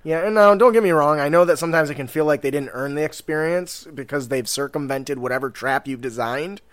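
A man co-hosting a podcast, giving tabletop game advice in a relaxed, profane, joking way. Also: on the high side, a little fast, no echo. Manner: relaxed, profane, laughs easily. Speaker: podcast co-host. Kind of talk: casual tabletop advice chat.

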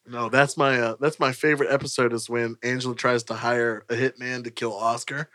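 A man, chatting as a podcast guest and telling stories in an animated way. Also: medium pitch, brisk. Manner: animated storyteller, acts out scenes. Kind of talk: casual chat.

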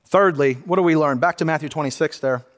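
A man's voice: fairly high pitch, fast, in a large hall. A man who is a pastor, preaching a sermon in an earnest, conversational way and often restarting his sentences. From United States. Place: church sanctuary.

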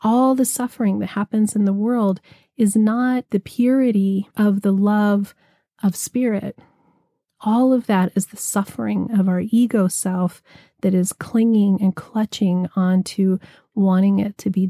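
A woman giving a gentle, reflective spiritual talk, slowing down to linger on lists of words. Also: medium pitch, fairly even intonation, no echo, clean studio sound.

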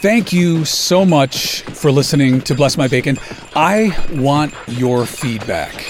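A man hosting a podcast, talking casually and enthusiastically about food with drawn-out emphasis. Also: fairly high pitch, expressive, a little hiss or hum. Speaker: podcast host.

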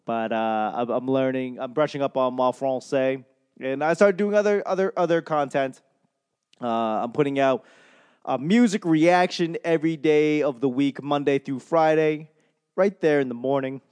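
A man's voice: medium pitch, moderate pace, a little mellow, smooth. A man hosting a comedy podcast in a casual, rambling monologue, self-deprecating and swearing freely as he loses his train of thought. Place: home in Albuquerque.

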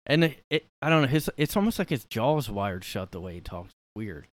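The recording is dry, and the man's voice is mid-range. As a podcast host in his room, he offers casual, rambling reactions to a clip, incredulous and mocking, with frequent fillers and asides.

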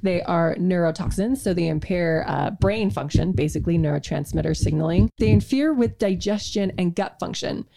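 A woman podcaster chatting casually about health, her voice low with a gravelly edge. She talks in a dark, mellow tone, restarting her sentences and tossing off sarcastic asides. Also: moderate pace, hardly any pauses. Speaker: podcast co-host, health practitioner. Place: home podcast room.

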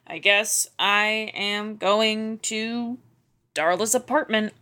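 Slow-talking woman player. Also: medium pitch, fairly even intonation, bright, forceful tone. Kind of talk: playing a tabletop game.

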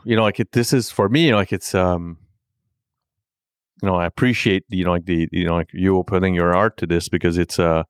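A middle-aged man talking candidly in a conversation, halting and leaning heavily on filler words. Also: low voice, steady tone, clean tone, no echo, clean studio sound.

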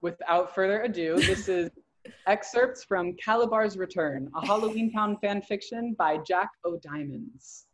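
A woman co-host narrating a fan fiction reading in a measured storybook manner. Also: mid-range voice, slight background noise. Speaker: podcast co-host.

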